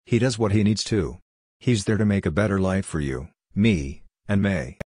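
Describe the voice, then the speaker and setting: A man with a deep, husky voice voicing a firm, secretive mother. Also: normal speed, darkish tone, no room sound, clean studio sound. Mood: stern. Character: stern protective mother, guarded and firm.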